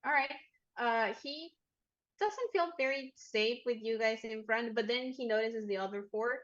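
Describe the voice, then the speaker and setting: Higher-voiced woman running a tabletop game. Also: lo-fi sound. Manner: narrates in a measured way, acts out characters. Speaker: game master.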